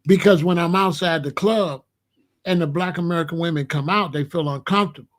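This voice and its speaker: A male commentary host from Chicago, telling stories in an opinionated monologue with animated, slangy street talk. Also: a little high, brisk.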